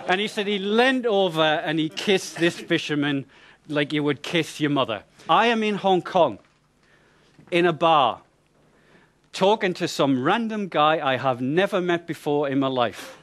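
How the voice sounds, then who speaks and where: A man telling a funny anecdote to an audience, in a lively, chatty way with hesitations and repeated words. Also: fairly high pitch, unhurried. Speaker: speaker.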